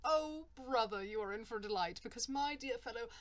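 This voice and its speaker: A woman voicing a pompous male pitchman in a fake advertisement, with a put-on English accent and a grand, theatrical delivery. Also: a little fast, natural voice. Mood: grandiose.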